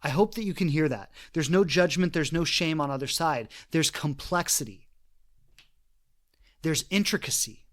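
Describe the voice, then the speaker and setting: A podcast host with a fairly high, expressive voice speaks at normal speed on his relationship show. He reflects earnestly in a monologue, retelling stories and voicing the people in them.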